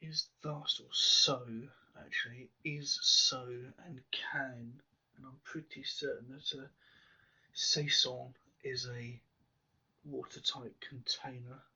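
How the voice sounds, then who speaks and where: A man solving a crossword aloud, musing slowly with half-whispered asides. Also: medium pitch, little pitch movement, gravelly, pushed and bright, slightly rough, recorded from a distance. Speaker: crossword solver. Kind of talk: thinking aloud while solving. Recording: slightly dull lo-fi sound.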